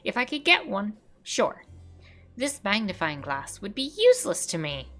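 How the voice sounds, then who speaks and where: A woman's voice: medium pitch, big pitch swings, normal speed, soft background music. Woman doing a touchy, fussy little shell guardian. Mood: smug. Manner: dramatic, defensive, bursts of loud alarm.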